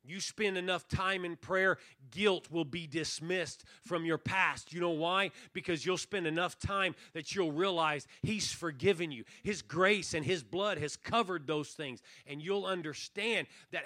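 A man preaching a revival sermon as pastor, earnest, sinking almost to a hush and then swelling on key phrases. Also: fairly high pitch, a little slow, few pauses, no echo, studio quality. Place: church revival service.

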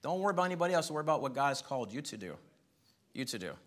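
Male preacher, bright tone, conversational sermon with frequent chuckles. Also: medium pitch, very animated, rapid-fire. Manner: conversational, chuckles often, voice rises sharply when acting out questions.

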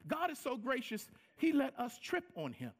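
Pastor, male, high gravelly voice, lively delivery with acted-out quotes. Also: moderate pace. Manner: animated preaching, acting out quoted lines, repeats words for emphasis. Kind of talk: sermon.

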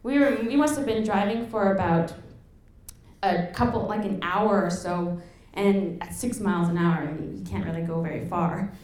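A young woman from Alaska telling a lively personal story to an audience, laughing and acting out the quotes. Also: mid-range voice, normal speed. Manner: animated, laughing, acts out quotes. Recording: echoey room.

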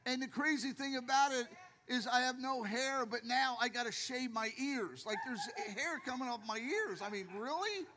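An older man preaching from a church stage, his voice high and bright as he tells jokey stories and acts out other people's lines. The long reverb of a large hall trails behind every phrase. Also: normal speed, a little hiss or hum. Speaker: pastor. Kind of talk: sermon.

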